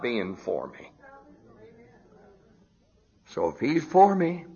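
An older man preaching a sermon, animated, dropping to a low murmur and rising to high emphatic outbursts, on a dull lo-fi recording. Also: slow, creaky, pauses often, breathy edge.

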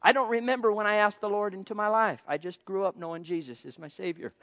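A high-voiced man preaches a sermon. He moves from hushed pleading to ringing exclamations, calling out to his congregation. The recording sounds dull and lo-fi. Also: quick pace. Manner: impassioned, swinging between soft pleading and loud exclamation; calls out to the congregation.

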